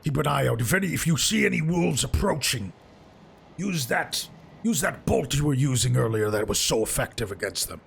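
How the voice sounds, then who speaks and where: A man voicing a gruff male wilderness guide who speaks in short, clipped commands during a tabletop game. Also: medium pitch, animated, normal speed, fairly bright tone, slight background noise. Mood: urgent.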